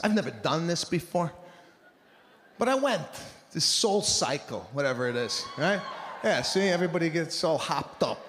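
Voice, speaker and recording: A man doing a stand-up comedy routine with animated, exasperated ranting. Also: on the high side, normal speed, a little hiss or hum. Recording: live stage with long reverb, faint ambience.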